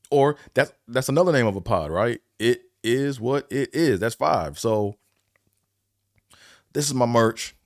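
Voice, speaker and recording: A man with a lowish voice hosts his own podcast, chatting casually in slangy, rambling bursts and often repeating himself. It's a solo show recorded in studio quality with no room sound.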